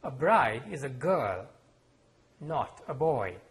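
A man's voice: sing-song, takes it slowly, crowd noise. A man reading aloud, voicing a bossy, scornful girl cousin who switches between mock-hearty bluster and indignant protest. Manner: booming mock-hearty pirate bluster, then shrill protest. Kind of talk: author reading his novel aloud.

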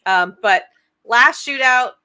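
Bright, chatty woman co-host. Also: fairly high pitch, slow. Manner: chatty, upbeat, promotional. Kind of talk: casual sports podcast chat.

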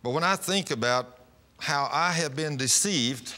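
A man's voice: a little high, unhurried, bright, forceful tone. A man preaching on a televised program, telling personal stories in a folksy, rambling way with frequent restarts. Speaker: pastor. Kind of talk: televised sermon with testimony. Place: television studio.

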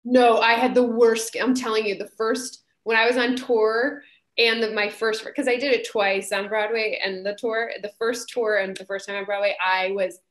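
Chatty woman in her thirties, animated storyteller, roomy sound. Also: on the high side, moderate pace. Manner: animated, chatty, acts out quoted voices, many fillers. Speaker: Broadway actress guest. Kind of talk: casual storytelling. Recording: roomy echo.

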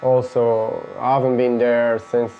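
A man's voice: mid-range voice, level tone, a little slow, muffled recording, faint music behind. Laid-back man from Portugal in the chair. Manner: laid-back, brief, teasing replies. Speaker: barbershop client. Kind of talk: casual chat.

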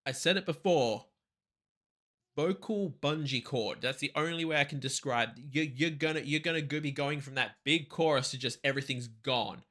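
A man's voice: a little high, moderate pace, sharp tone. A man hosting a music reaction video, gushing in exaggerated, playfully scolding casual commentary.

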